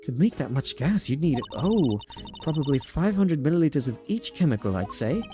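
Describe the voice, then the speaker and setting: Over background music, a man raises his already highish voice into a sing-song, moderately paced impression of a fussy, prim elderly Englishwoman for game dialogue on his stream. He's chatty, and his fake British accent drifts toward American Southern.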